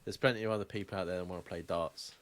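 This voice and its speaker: A man's voice: sits low, fairly even intonation, racing. A young man co-hosting a podcast, telling stories in casual, sweary chat and laughing often. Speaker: podcast co-host.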